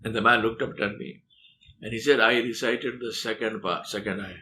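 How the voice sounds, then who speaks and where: A man's voice: lowish voice, steady tone, sharp tone, slight background noise. Earnest male preacher telling a story. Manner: earnest narration with rapid Arabic recitation. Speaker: Islamic lecturer. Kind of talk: sermon storytelling.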